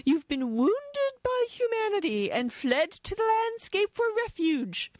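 A woman's voice: very high voice, sing-song, measured pace, a little mellow, no echo, voice pushed up, full character voice. An American woman playing a British woman interviewer with a plummy, fluting accent. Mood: trilling, patronizing. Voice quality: fluting, trilling.

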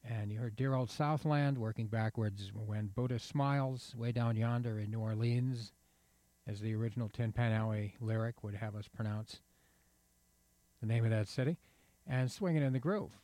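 A man's voice: on the low side, moderate pace, dark tone, dry recording. A man filling in as radio host, announcing records and chatting with dry, wry asides.

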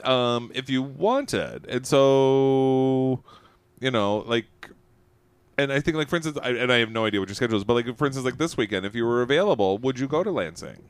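A man's voice: medium pitch, brisk, clean tone, no echo. A man co-hosting a radio talk show in the studio, chatting casually and telling stories with many fillers. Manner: rambling storyteller, many fillers. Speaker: radio co-host. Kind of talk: casual chat.

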